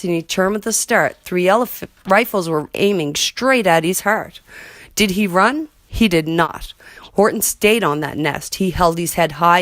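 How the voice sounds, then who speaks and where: A woman's voice: fairly low pitch, a bit bright, no room sound. A woman reading a rhyming children's picture book aloud as a storyteller, in a rhythmic way.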